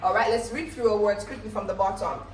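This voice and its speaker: A woman teaching a lively phonics lesson to children, upbeat and coaxing call-and-response answers. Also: mid-range voice, fast, crowd noise. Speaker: reading teacher. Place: classroom. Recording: echoey classroom from far off.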